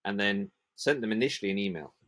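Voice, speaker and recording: A man from the UK with a fairly low voice speaks in a podcast interview. He talks with passion about his trade and slips into lively acted-out dialogues as he goes. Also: fast talker. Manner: passionate, acts out sales dialogues in animated voices. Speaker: print industry association manager.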